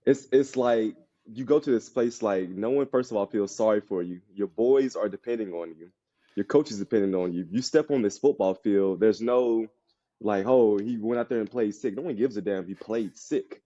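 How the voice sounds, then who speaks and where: A man's voice: lowish voice, moderate pace, dark tone, highs cut off. A man who played pro football, telling stories bluntly as a podcast guest in casual chat. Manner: loose storytelling, blunt.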